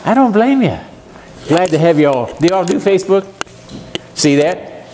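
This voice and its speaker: A man in his seventies with a drawl teaches a Bible lesson to a congregation. His voice sits somewhat high for a man. He keeps the tone folksy, throwing questions and jokes out to the listeners. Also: expressive, measured pace, long pauses, darkish tone, a little hiss or hum. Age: 70s. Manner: joking, asks the audience questions. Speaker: seminar speaker.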